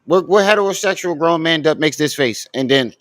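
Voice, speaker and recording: A man's voice: a little high, expressive, a little fast, no echo. A man doing crude, mocking reaction commentary on clips, laughing as he talks.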